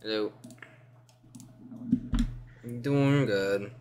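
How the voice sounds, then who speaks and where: Slow-talking, teasing male gaming streamer. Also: fairly low pitch, darkish tone, slight background noise. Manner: teasing, goofy and profane. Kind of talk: casual gameplay commentary.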